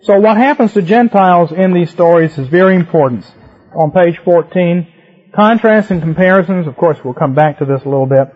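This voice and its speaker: A man preaches, teaching through the scriptures in an emphatic, rhythmic way and repeating words to drive his points home. His voice sits a little high and sounds husky. The recording is muffled and lo-fi. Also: lively intonation, fairly quick.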